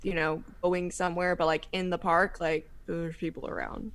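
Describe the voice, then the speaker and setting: A woman's voice: fairly low pitch, moderate pace. Chatty young woman podcast co-host. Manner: animated storytelling with many fillers. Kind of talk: casual chat.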